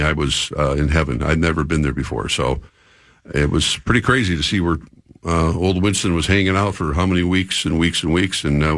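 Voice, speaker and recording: Older man, very low voice, rambling, many restarts, casual radio chat. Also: a bit bright, no room sound, clean studio sound. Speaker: guest sports broadcaster.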